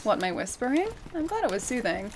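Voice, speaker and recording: A woman's voice: a little high, sing-song, a little fast, a little hiss or hum. Chatty woman streamer, laughing often. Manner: reads chat aloud, laughs often, chatty. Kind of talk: casual live-stream chat while gaming.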